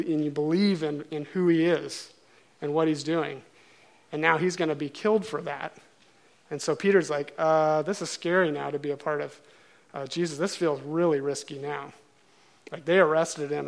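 During a sermon, a man tells a story in a casual, animated style, acting out the characters' lines. He has a fairly high, gravelly voice.

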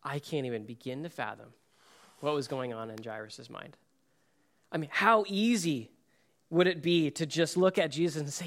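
A man giving a sermon as pastor, reading scripture and then speaking earnestly, dropping to soft, quiet phrases and building to emphatic points. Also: fairly high pitch, normal speed.

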